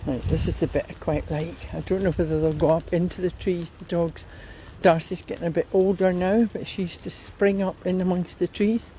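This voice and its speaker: A woman with a Scottish accent chatting while out walking in a riverside park, unhurried and a little out of breath. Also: on the low side, fairly even intonation, mellow, slight background noise, poor audio. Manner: chatty, unhurried, talks to her dogs. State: slightly out of breath. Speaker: vlogger. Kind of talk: casual walking commentary.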